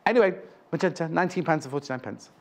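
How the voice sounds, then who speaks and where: A man's voice: a little high, rapid-fire. A man presenting live on a shopping channel, chatting and rambling between prices and correcting himself as he goes. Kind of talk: live TV selling chat. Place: TV studio.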